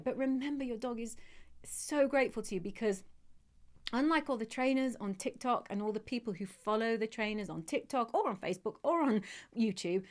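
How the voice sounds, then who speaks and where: Speaking in a slightly high voice, a woman runs a live dog-training podcast chat, encouraging her listeners warmly and growing emotional while she addresses them.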